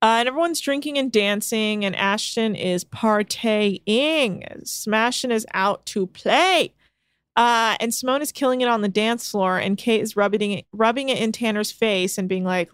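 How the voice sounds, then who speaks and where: A young woman co-hosting a casual podcast animatedly retells a reality show, acting out its people in quoted voices. Her voice is medium-pitched, smooth and at normal speed, recorded in studio quality with no room sound.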